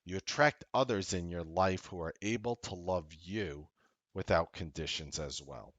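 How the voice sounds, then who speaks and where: A man hosting a trading show, giving a casual, blunt motivational talk that grows loud and emphatic, with frequent swearing. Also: low voice, normal speed, no room sound. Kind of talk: motivational talk to a live audience.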